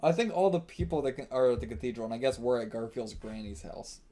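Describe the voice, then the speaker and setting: A man's voice: medium pitch, lively intonation, fast, dark tone. A man hosting a live manga reaction, reading along and thinking aloud casually, laughing often and swearing now and then. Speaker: manga reaction channel host.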